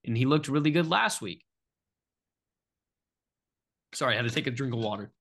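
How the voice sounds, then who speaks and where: A man's voice: mid-range voice, lively intonation, very fast, gravelly, fairly bright tone. A young man co-hosting a sports podcast, talking casually, nervous and stammering, often repeating himself. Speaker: podcast co-host.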